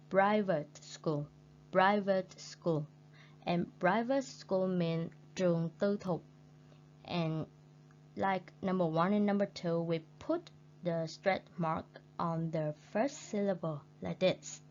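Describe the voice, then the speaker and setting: In a recorded classroom lesson, a woman with a Vietnamese accent teaches English in a fairly low, darkish voice, speaking very slowly and patiently. She repeats every new word for her learners. The audio is dull and lo-fi, with a faint hum beneath it.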